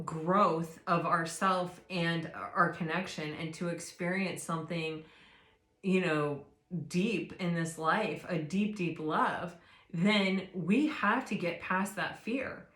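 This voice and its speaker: A woman giving a tarot reading as a casual spiritual chat, rambling with many fillers and restarts in a soft, reassuring way. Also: lowish voice, steady tone, slow pace. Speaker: tarot reader. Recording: roomy echo.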